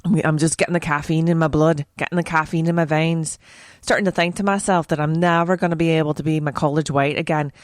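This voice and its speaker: A woman's voice: sits low, steady tone, fast, no room sound, clean studio sound. A woman podcast host putting on an Irish accent for a playful, heavily sworn casual monologue. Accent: put-on Irish. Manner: playful, heavy swearing.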